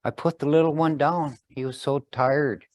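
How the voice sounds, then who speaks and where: A man's voice: fairly high pitch, steady tone, normal speed, a little mellow, no echo, close to an everyday voice. A man voicing an evasive young wife in a spoken story, offhand and breezy.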